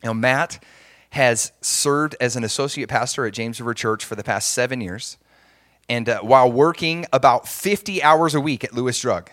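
A man's voice: medium pitch, moderate pace, a bit bright, dry recording. Middle-aged preacher guy talking up church folks, earnest, keeps restarting, dry sound. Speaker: pastor. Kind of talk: sermon.

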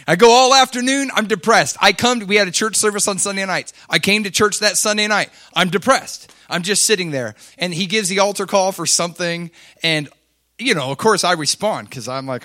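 A middle-aged man preaching, telling a personal story with swings between loud intensity and quiet confession. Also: a little high, lively intonation, moderate pace. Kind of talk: sermon storytelling.

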